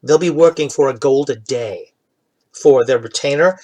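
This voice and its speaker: A man voicing Shauna, a practical woman of about thirty who talks business quietly. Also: medium pitch, natural voice, rough recording. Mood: businesslike. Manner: brisk and practical, quietly spoken.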